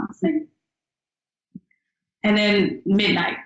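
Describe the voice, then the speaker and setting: A young adult woman, a singer-songwriter, telling stories in a casual interview with an upbeat, animated manner and acted-out quotes. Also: medium pitch, unhurried, long pauses, dull audio. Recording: echoey room.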